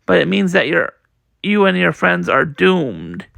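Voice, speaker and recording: A man voicing a smug, scheming male villain in a slow, gloating comic reading. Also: high voice, sing-song, vocal fry, a bit bright, no room sound, full character voice.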